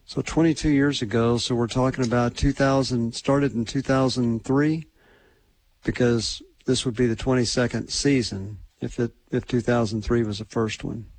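Man, husky, gravelly, casual sports radio talk, thinking out loud. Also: medium pitch, fairly even intonation, moderate pace, no echo, low-quality recording. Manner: conversational, musing over numbers and guests.

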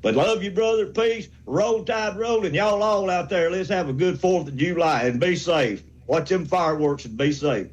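A man's voice: high-pitched, normal speed, hardly any pauses, highs cut off. Fired-up man in his sixties. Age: 60s. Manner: fired-up, rambling, folksy. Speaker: caller. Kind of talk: sports call-in rant.

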